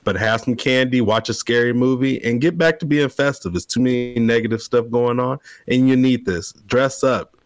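A man co-hosting a casual gaming podcast, talking in an excitable, rambling way. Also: mid-range voice, moderate pace, hardly any pauses, no echo. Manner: excitable, rambling gamer talk. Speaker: podcast co-host. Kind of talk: casual chat.

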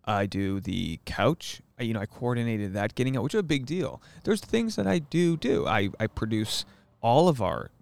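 A man's voice: medium pitch, sing-song, moderate pace, gravelly, a little mellow, no room sound. A man in his thirties co-hosting a casual couple's podcast, joking around and defending himself with frequent laughs. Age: 30s. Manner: jokey, defensive, laughs often. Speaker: podcast co-host.

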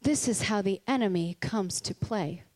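A woman's voice: medium pitch, normal speed, a little mellow. A woman giving a candid, conversational Christian sermon, earnest and personal, with laughs between her points. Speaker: Christian speaker.

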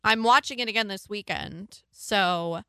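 A woman's voice: mid-range voice, unhurried, sharp tone, clear, resonant tone, no echo. A woman chatting casually as a podcast guest, talking in an emphatic, enthusiastic way. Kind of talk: casual chat.

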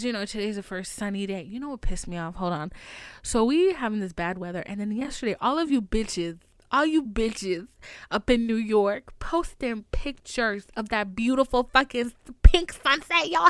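A young American woman hosts a podcast in a slightly high, somewhat bright voice with no room sound. Her monologue is casual, rambling, confessional and full of profanity, and she laughs to cope.

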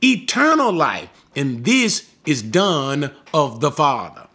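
A man's voice: on the high side, wildly swooping pitch, slow pace, bright, forceful tone. A man teaching a Bible passage verse by verse, emphatic, posing rhetorical questions and answering them himself.

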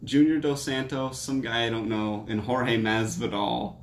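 A man's voice: mid-range voice, fairly even intonation, unhurried. Chatty laughing man in an echoey room. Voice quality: laughs often, rambling restarts. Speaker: podcast co-host, combat sports commentator. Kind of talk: casual chat.

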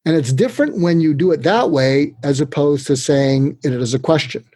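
Male psychiatrist guest, husky and a touch high, lively storyteller who mimics the people he quotes; dry close sound. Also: normal speed, no echo. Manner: acts out quoted voices with big pitch jumps. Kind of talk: animated storytelling in conversation.

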